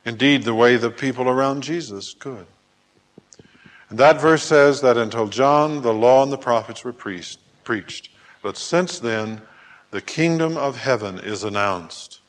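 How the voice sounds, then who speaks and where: A man preaching a sermon who acts out scripture scenes in lively voices, at times hollering. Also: medium pitch, measured pace. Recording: long hall reverb.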